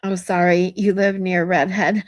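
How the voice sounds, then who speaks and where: Reading viewers' comments aloud and saying hello to them, this female streamer keeps things casual, candid, and full of profanity. Her lowish voice stays level and unhurried, with no echo in the recording.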